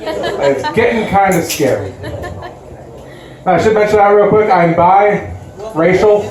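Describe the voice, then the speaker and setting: Self-deprecating stand-up comedian, echoey club. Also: male voice, sits high, expressive, unhurried, crowd noise. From West Side Chicago. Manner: self-deprecating, lots of likes and uhs. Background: audience laughter.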